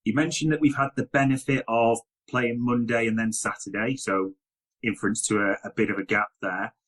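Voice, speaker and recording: A man's voice: mid-range voice, steady tone, moderate pace, fairly bright tone, rough recording. A man hosting a podcast discussion, steadily leading the talk and putting questions to his guest. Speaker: podcast host.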